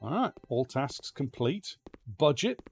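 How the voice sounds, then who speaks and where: A man giving let's-play gameplay commentary as a streamer, excitable, swearing and talking to the game's pets. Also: mid-range voice, takes it slowly, lo-fi sound, soft background music.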